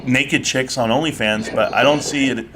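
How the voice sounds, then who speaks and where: A man's voice: medium pitch, moderate pace, background noise. A man hosting a live online audio chat, arguing brashly and teasing his caller in a heated casual debate. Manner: brash, mocking, animated. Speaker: live stream host.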